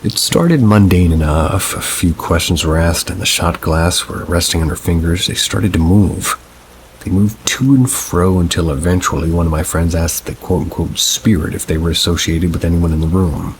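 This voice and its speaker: Deep-voiced man narrating ghost stories. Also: normal speed, slight background noise, poor audio. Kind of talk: reading first-person paranormal stories.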